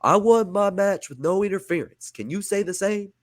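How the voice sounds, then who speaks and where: A man's voice: sits high, normal speed, no echo, clean studio sound, pitched above the performer's own voice, lightly acted. A man voicing a brash male wrestler mocking his rival.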